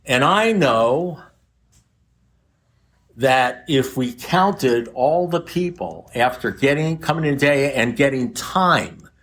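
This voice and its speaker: An older man in his seventies addresses a recovery meeting in a plain, mid-pitched voice. He talks bluntly and swears freely, and he slips in jokes as he goes. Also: expressive, slow pace, a bit bright. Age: 70s. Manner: blunt, profane and joking. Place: recovery meeting room with a group.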